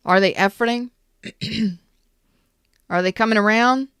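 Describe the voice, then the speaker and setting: A woman's voice: on the high side, measured pace, pauses often, a bit bright, smooth, no room sound, studio quality. A woman giving a casual spoken tarot reading, chatty and full of repeated questions and restarts. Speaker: tarot reader.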